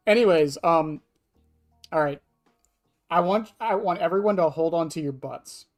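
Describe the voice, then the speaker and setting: Over soft background music, a streamer with a medium-pitched voice speaks slightly slowly while casually commenting on a live online horror game match and answering chat, blunt, offhand and cursing freely.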